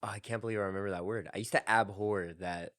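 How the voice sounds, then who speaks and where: A man's voice: fairly low pitch, fairly even intonation, fast, fairly bright tone, dry recording, studio quality. A young man hosting a podcast, rambling casually with lots of laughter. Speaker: podcast host. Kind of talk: casual chat.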